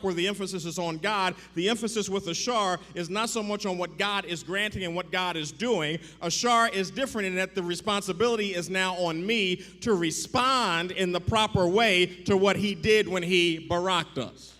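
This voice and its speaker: High, bright-voiced preacher in an echoey church. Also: male voice, normal speed, hardly any pauses. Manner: builds from calm teaching to shouted preaching; asks the congregation if they follow. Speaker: pastor. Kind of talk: sermon. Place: church sanctuary.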